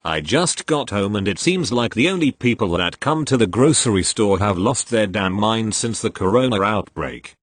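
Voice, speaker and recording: A man with a somewhat low voice reads posts aloud as scripted narration. His delivery stays steady and even from line to line. The sound is dry, with no room around it. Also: moderate pace, few pauses, no echo. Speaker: reader of online posts.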